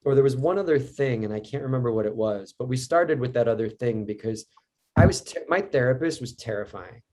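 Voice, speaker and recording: A man's voice: mid-range voice, fairly quick, warm tone. A man as a podcast guest, speaking candidly and reflectively in casual conversation.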